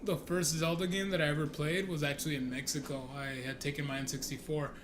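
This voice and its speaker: A man co-hosting a podcast, telling animated stories in casual chat with lots of swearing. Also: fairly high pitch, quick pace. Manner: animated, profane storyteller. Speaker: podcast co-host. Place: podcast room. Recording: echoey room with faint noise.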